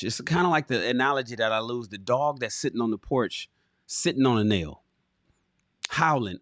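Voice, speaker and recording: A man in his forties hosting a livestream, reading a book aloud and breaking off into animated, preachy storytelling riffs. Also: mid-range voice, fairly quick, no room sound, studio quality.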